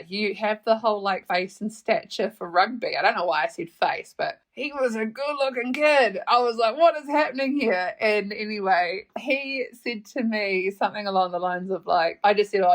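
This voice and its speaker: A woman's voice: medium pitch, normal speed, few pauses. Chatty swearing New Zealand woman. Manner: chatty, laughs often, swears freely. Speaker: podcast host. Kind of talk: casual storytelling monologue.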